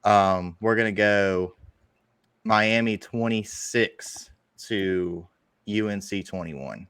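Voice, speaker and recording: A young man co-hosting a sports podcast, giving measured predictions with some restarts. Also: fairly low pitch, a bit bright, clean tone, dry recording. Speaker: podcast co-host. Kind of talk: casual sports analysis.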